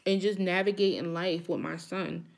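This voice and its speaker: A woman's voice: fairly low pitch, fairly even intonation, normal speed, creaky. Frank, emphatic woman chatting live. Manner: emphatic, frank, talks straight to viewers. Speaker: YouTuber hosting a live chat. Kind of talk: casual live chat with viewers.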